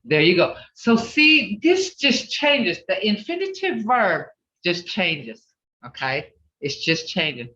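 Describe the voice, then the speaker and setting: Slow, patient older language teacher. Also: medium pitch, big pitch swings, bright, forceful tone, far from the mic. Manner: repeats and drills words, chatty asides. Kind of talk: teaching an online language class. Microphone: video call. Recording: roomy, dull video-call audio.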